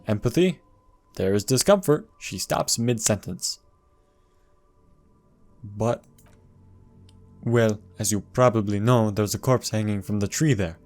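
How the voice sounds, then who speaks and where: A man narrating his video game walkthrough in a fairly low voice, reading the on-screen text aloud. He slips in dry asides as he goes, and game music plays faintly underneath. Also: darkish tone. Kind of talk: casual gameplay commentary.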